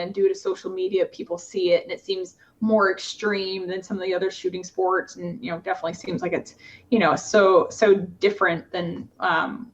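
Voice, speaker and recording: A woman, a competitive shooter, talking casually in a podcast interview, with many fillers and restarts. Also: medium pitch. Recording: slightly dull lo-fi podcast audio.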